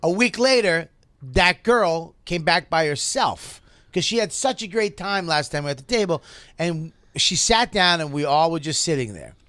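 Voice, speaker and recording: A man's voice: on the high side, normal speed, no echo. A middle-aged male comedian telling a rowdy anecdote in a casual chat, acting out the people in it. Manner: lively anecdote-telling with acted-out quotes. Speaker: comedian guest.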